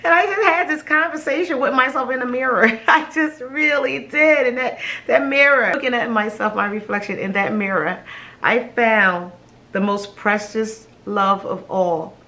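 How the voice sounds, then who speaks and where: A woman, a mother, telling a personal story to camera in a halting, emotional way, often repeating her words and laughing between phrases. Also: on the high side, pushed and bright. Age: adult with children. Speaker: vlogger sharing a personal story.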